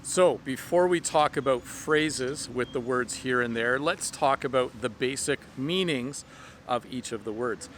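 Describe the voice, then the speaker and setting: A man teaching an English lesson outdoors, speaking slowly and clearly with simple examples, a little out of breath. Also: medium pitch, a bit bright, slight background noise. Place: outdoors in the rain. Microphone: camera on a stand.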